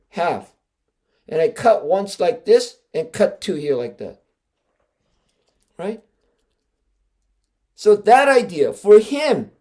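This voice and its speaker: A man with a high-pitched speaking voice, a martial arts grandmaster hosting his own podcast. He tells stories casually and emphatically, with plenty of fillers and restarts. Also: dark tone. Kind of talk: casual storytelling.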